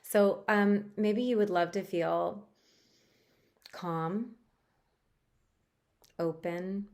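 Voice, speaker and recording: A woman guiding a tapping session for stress relief, talking in a gentle, chatty coaching way with a few fillers. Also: medium pitch, fairly even intonation, extremely slow. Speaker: tapping practitioner.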